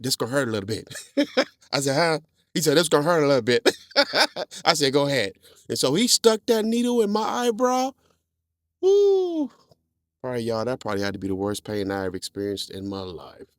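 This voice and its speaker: Animated storytelling man, lively pitch. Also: no echo, clean studio sound. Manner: animated, laughs often, repeats words, acts out quotes. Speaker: podcast host. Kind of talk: casual storytelling monologue.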